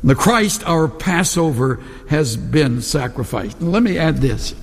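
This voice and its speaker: A man's voice: a little high, expressive, unhurried, gravelly, breathy edge, in a large hall. A man preaching a sermon, reading and explaining scripture with earnest, emphatic delivery. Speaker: pastor.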